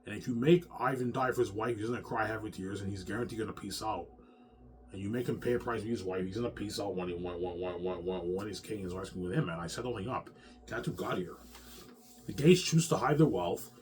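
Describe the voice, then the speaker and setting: Guy with a lowish voice ranting to camera, swearing a lot, keeps repeating himself. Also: quick pace, slight background noise. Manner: agitated, profane, repeats words. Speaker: vlogger. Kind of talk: rambling monologue to the camera.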